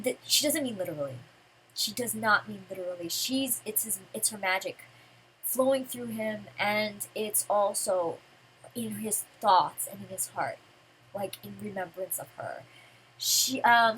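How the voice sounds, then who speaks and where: Excitable young-sounding woman rambling about a comic. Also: medium pitch, a little slow, slight background noise, poor audio. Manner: emotional, rambling, many restarts. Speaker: manga reviewer. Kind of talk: casual fan commentary.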